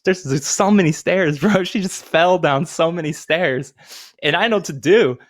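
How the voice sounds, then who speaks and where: A man's voice: a little high, moderate pace. A man in his thirties, a podcast co-host telling casual, profane, rambling anecdotes. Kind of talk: casual storytelling chat.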